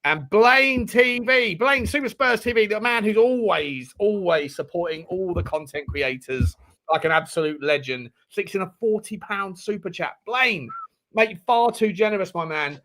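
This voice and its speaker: Brief: a chatty streamer, high-pitched, gushing thanks to his viewers. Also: animated, normal speed, bright, forceful tone, low-quality recording. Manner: effusive, thanks viewers over and over with "mate". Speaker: livestream host. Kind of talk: casual live watchalong chat.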